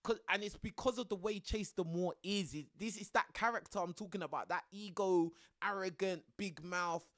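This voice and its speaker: A man's voice: sits high, normal speed, hardly any pauses, fairly bright tone, no echo, studio quality. A young man chatting casually to his live stream audience, tossing in bruv and bro.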